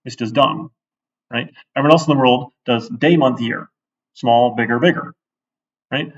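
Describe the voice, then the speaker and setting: A man's voice: medium pitch, moderate pace. A man teaching a programming class, talking casually as he codes and often checking in with "right?". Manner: conversational, thinks aloud, often asks "right?". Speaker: programming instructor. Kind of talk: casual live-coding lecture. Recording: distant, dull classroom recording.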